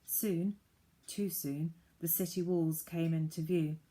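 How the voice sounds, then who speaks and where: Slow, measured woman narrating a storybook. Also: deep voice, steady tone, warm tone. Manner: measured and deliberate. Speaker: audiobook narrator.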